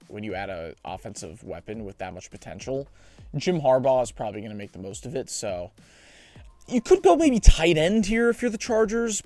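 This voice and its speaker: A young man hosting a sports show, giving chatty, animated mock draft commentary with joking asides. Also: fairly low pitch.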